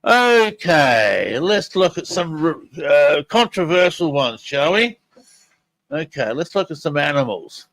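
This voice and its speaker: With a sing-song, fairly bright voice on the high side, this older podcast host takes things slowly in a dry recording. He talks directly to listeners in a chatty, enthusiastic way as he introduces audio clips.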